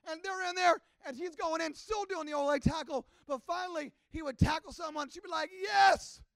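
A man preaching a sermon, telling a story with passion and rising to shouts. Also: extremely high pitch, fairly quick, no room sound. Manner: impassioned storytelling that builds to shouting. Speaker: pastor.

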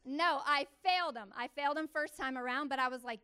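Woman, testimony sermon, animated storyteller, emphatic repetition, fairly high pitch. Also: fairly quick. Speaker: church speaker.

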